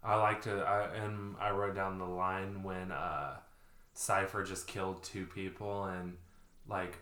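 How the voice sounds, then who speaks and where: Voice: low-pitched, steady tone, slow pace, fairly bright tone. A playful podcast co-host in a casual chat, joking around and swearing freely. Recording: roomy echo.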